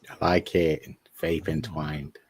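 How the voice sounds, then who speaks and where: A man's voice: rumbling low, level tone, slow, husky. A co-host man making short teasing remarks during a live show.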